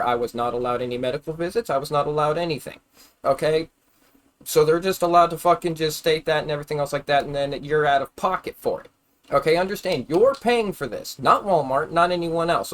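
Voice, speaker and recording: A man ranting angrily on a live stream, swearing constantly and repeating himself as he gets heated. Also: a little high. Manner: heated, profane, repetitive, grows louder when angry. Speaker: livestreamer. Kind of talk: angry live-stream rant.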